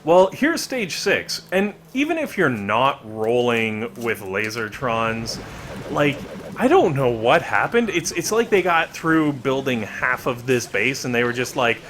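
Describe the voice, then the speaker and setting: A man's voice: mid-range voice, very animated, measured pace, fairly bright tone, slight background noise. A man giving casual, rambling gameplay commentary with joking asides. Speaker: gaming video creator.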